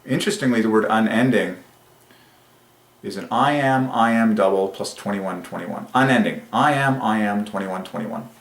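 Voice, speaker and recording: Excitable man in an echoey room. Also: lowish voice, creaky. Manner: emphatic and excitable, drawing out key phrases slowly. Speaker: religious channel host. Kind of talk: excited solo monologue on word numerology. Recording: roomy echo.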